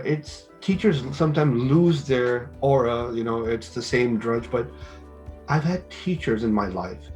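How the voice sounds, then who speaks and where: A middle-aged man who teaches business talks through advice in a relaxed interview. He tells stories, acting out both sides of each conversation. Faint music plays quietly under his voice. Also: mid-range voice. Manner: animated storytelling with quoted dialogue. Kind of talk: casual interview talk, giving advice.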